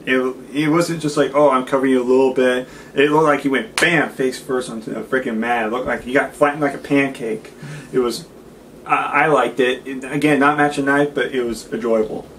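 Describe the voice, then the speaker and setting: A man's voice: medium pitch, steady tone, normal speed, a bit bright, a little hiss or hum. A man co-hosting a casual wrestling review, rambling and hesitant as he sums up the matches. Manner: rambling, hesitant, with fillers and restarts. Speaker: wrestling show co-host. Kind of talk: casual chat.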